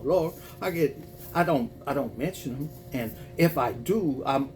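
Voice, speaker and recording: A man's voice: medium pitch, a little mellow, slight background noise. A man with a Cajun accent hosting a casual livestream, folksy and chatty, reading viewer messages aloud and calling people boo. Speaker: spiritual reading host. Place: home, packing to move.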